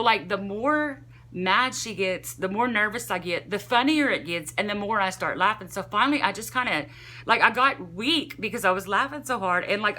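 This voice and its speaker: A young woman vlogger telling a casual, rambling story, animated and full of "like" fillers. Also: mid-range voice.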